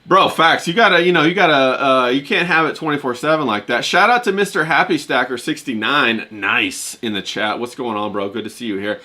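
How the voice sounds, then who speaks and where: A man with a bright, forceful voice hosts a live stream in loose, slangy chat. He greets viewers from the chat by name and keeps things easygoing. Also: mid-range voice, fairly quick, hardly any pauses. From Kentucky. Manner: laid-back, slangy, shouts out chat viewers. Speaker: streamer host.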